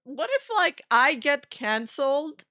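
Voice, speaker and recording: A young woman streamer giving excitable live reaction commentary, laughing often and swearing freely. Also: sits high, slow, dry recording, studio quality. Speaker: VTuber streamer.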